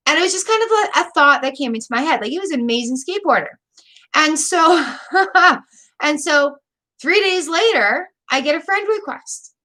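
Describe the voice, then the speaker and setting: Woman, high voice, live tarot reader, emotional, rambling, lots of fillers. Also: big pitch swings, normal speed, pushed and bright. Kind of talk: live-stream tarot reading.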